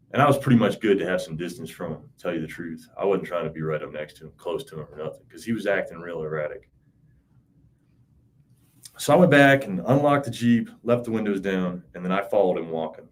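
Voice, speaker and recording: A man in his thirties in an interview, recounting events in a rambling, profane, casual way with frequent "you know". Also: low-pitched. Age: 30s. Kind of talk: casual spoken recollection.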